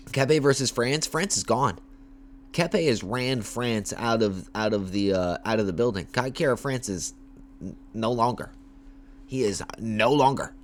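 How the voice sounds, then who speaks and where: A young man livestreaming casual commentary, talking in hyped, repetitive bursts with slang and shout-outs to viewers. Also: on the low side, animated, unhurried, slight background noise. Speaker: MMA livestreamer.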